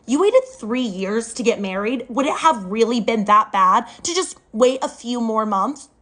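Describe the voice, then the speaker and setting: A woman's voice: fairly high pitch, lively intonation, unhurried, fairly bright tone. A woman voicing her reproachful mother, who scolds her. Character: reproachful middle-aged mother.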